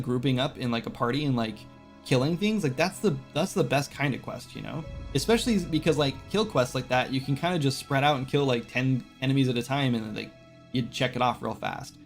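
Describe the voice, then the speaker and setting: A man's voice: mid-range voice, vocal fry. A man hosting a casual game-development live stream, rambling with lots of "like" and "right?" fillers. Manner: quotes game characters in brief voices.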